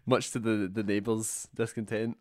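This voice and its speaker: A man's voice: fairly low pitch, flat delivery, takes it slowly, dry recording, studio quality. Chatty young Scottish man hosting a podcast. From Scotland. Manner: chatty, laughs often, tells anecdotes with voiced quotes. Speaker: podcast host. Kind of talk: casual chat.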